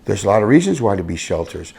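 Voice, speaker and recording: A man from Miami with a husky voice and a Miami accent, telling stories bluntly in a casual interview, swinging between loud and hushed. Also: fairly low pitch, sing-song, fast. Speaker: interview guest, youth football coach. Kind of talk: casual storytelling conversation.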